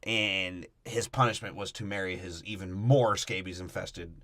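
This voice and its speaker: A young man with a bright, forceful voice, recorded close and dry in a small room. He co-hosts a comedy podcast, tearing through a movie plot with profane jokes and quick mocking impressions of the characters. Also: low voice, fairly even intonation, no room sound. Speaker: podcast co-host. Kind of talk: casual comedic movie breakdown.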